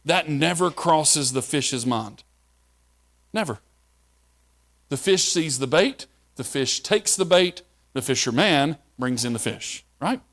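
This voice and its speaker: A man's voice: on the high side, lively intonation, takes it slowly, fairly bright tone. A male pastor preaching a sermon in a conversational way, asking the listeners questions.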